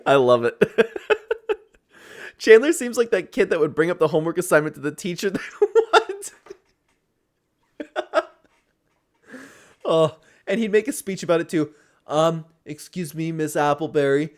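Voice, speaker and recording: Excitable man reacting to clips. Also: high voice, a little slow, long pauses. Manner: excitable, laughs often. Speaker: host. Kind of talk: casual reaction commentary.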